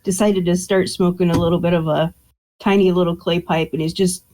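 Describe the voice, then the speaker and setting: Lowish-voiced woman meandering through a description. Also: level tone, brisk, dark tone, slight background noise, low-quality recording. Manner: meandering, self-correcting. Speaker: player. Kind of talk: describing her character in a tabletop game. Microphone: online voice call.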